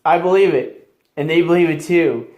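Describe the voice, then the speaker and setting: A man's voice: fairly high pitch, normal speed, darkish tone, reverberant. A man hosting a casual interview, asking eager, encouraging questions. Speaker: host.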